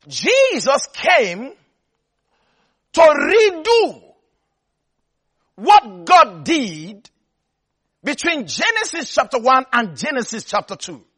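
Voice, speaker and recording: A man's voice: very high-pitched, huge pitch swings, slow pace, pauses often, a bit bright, slightly rough. A man preaching a sermon, repeating phrases for emphasis and often checking that listeners follow.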